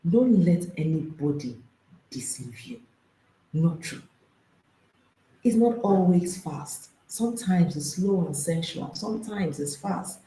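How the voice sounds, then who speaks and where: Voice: mid-range voice, animated, slow, mellow, roomy sound, poor audio. A marriage and intimacy coach, speaking to an audience, emphatic and repeating phrases, firing off rhetorical questions.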